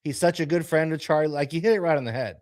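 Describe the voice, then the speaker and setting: A man's voice: on the high side, racing, a little mellow. A man co-hosting a podcast, playing clips and mocking them with amused sarcasm. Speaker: podcast co-host. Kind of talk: casual reaction chat.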